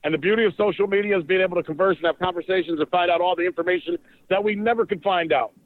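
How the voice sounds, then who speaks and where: A man's voice: high voice, racing, dry recording. A man with a slightly raised voice chats and rambles in a podcast, tossing in jokey asides. His voice comes through a tinny, phone-like line with a dry sound. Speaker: podcast co-host. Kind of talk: casual chat.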